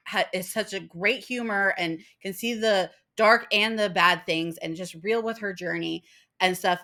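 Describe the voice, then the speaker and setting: A woman's voice: mid-range voice, a little slow, sharp tone. A young woman ranting casually to camera about spiritual ideas, getting worked up, swearing often and acting out other people's voices. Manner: fired-up, swears a lot, acts out voices. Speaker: spiritual vlogger.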